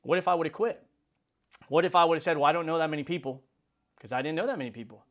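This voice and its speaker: A man in his forties hosts a motivational video in a loose, conversational way. His voice sits a little higher than most men's. He peppers his talk with slang and jumps into short acted-out exchanges. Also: racing, fairly bright tone. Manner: casual, slangy, acts out quoted dialogue. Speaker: insurance business leader and video host.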